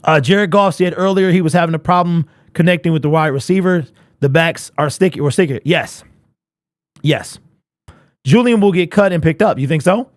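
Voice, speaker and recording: Young man, fan live-stream host, casual, animated, talks to chat, slightly high voice, dry close sound. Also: moderate pace, no echo. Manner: animated, chatty, reads out chat comments.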